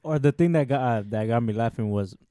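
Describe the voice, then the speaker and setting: A man's voice: mid-range voice, quick pace, dark tone, dry recording, clean studio sound. A man co-hosting a casual podcast, chiming in with short, offhand remarks. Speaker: podcast co-host. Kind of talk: casual chat.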